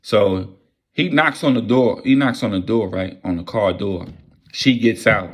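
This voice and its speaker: A man telling a wild personal story in a casual, profane and excitable way. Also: on the low side, normal speed.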